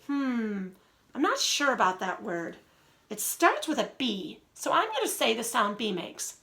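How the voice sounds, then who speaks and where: A young adult woman teacher giving a reading lesson to young children, reading aloud slowly in a sing-song way with drawn-out words. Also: a little high, very animated, sharp tone.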